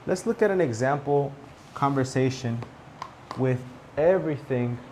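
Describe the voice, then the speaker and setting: A man teaching a spoken English lesson, repeating example phrases clearly and checking in with "okay?". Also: mid-range voice, lively intonation, a little slow, darkish tone, slight background noise.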